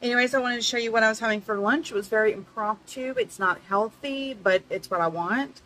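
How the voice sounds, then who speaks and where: Chatty bright-voiced woman vlogger. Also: on the high side, brisk, slight background noise. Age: middle-aged. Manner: chatty, rambling, many ums; hushed, half-whispering in bed. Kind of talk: casual diary vlog. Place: bedroom, in bed.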